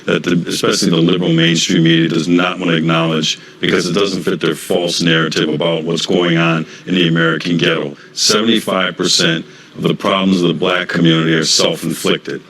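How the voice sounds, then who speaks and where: A man speaking as a county sheriff in a TV interview, stating his points assertively. His voice is very deep and husky and stays flat throughout. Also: brisk, few pauses, rough recording. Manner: assertive, declarative. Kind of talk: TV interview guest.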